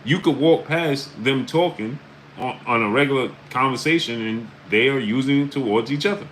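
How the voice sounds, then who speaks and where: Streaming live from New York, this host talks in a medium pitch at a moderate pace, greeting viewers in chat by name. His casual commentary leans heavily on "uh" and "right?", and the audio is poor with slight background noise.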